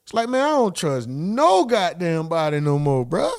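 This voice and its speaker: Man, streamer, reaction commentary, profane slang, mocking impressions, fairly high voice, dry close sound. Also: moderate pace, no echo. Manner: animated, mocking voices of others with sudden pitch jumps; profane, slangy street talk addressing chat. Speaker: livestream host reacting to clips.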